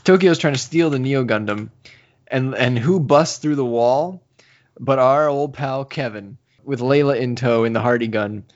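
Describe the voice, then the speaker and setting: A man's voice: medium pitch, normal speed. A man co-hosting a podcast, casually recapping a manga and acting out the characters' lines. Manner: animated storytelling, acts out characters' lines. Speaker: podcast co-host. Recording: slightly dull lo-fi audio.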